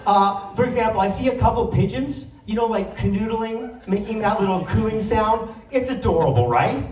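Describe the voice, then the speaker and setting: A man performs stand-up comedy, his voice pitched high and swooping lively as he jokes with the crowd. The sound is roomy and heard from a distance, like a stage mic picked up across a club. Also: moderate pace. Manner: animated, playful crowd work. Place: comedy stage before a live audience.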